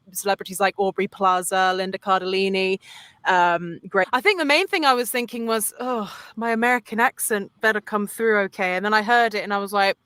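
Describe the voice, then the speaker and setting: A woman's voice: medium pitch, a bit bright, clean tone, dry recording. A woman voice actor chatting casually on a stream, giggly and self-deprecating. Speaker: voice actor guest.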